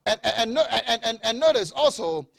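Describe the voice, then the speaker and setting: A man preaches with a high, gravelly voice that leaps around as he drives a point home. He repeats phrases and calls for responses from the congregation, tripping over restarts along the way. The sound is close and dry, with no room around it. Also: a little fast, no room sound. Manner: often stammers and restarts words. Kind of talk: sermon.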